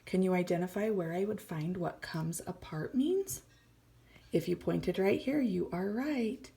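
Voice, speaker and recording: A woman's voice: fairly low pitch, unhurried, vocal fry, warm tone. A woman teacher reading a story aloud to children, explaining words and often dropping to a whisper. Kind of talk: read-aloud lesson for children.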